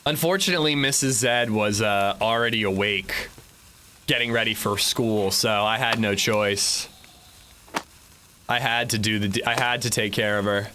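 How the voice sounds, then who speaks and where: A young man with a lowish voice chats casually at a moderate pace while livestreaming a survival game. He rambles, restarting often and using lots of fillers, with background noise in the recording.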